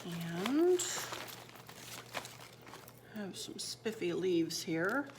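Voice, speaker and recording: A woman's voice: on the low side, big pitch swings, very slow, noisy background. A woman chatting homily through a decorating tutorial in her kitchen, laughing easily as she works. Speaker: home decor vlogger. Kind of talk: casual crafting tutorial chat. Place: home kitchen.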